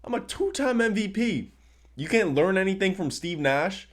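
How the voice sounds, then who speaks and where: A man putting on a high, indignant voice as an insulted male basketball coach, swearing in outrage. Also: animated, normal speed. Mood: outraged.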